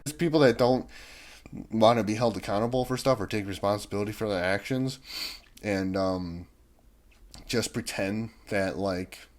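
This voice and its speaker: A man's voice: on the low side, moderate pace. A young man vlogging, ranting in a rambling, irritated way with many restarts and fillers. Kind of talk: casual ranting monologue.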